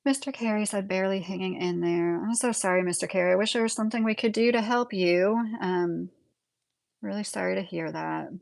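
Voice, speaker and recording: Woman, Midwestern American accent, gravelly vocal fry, dry close sound, chatty rambling livestream talk. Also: medium pitch, steady tone, brisk, no echo. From United States. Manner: chatty, rambling, filler-heavy, answers viewer comments. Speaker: livestream host. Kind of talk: casual livestream chat.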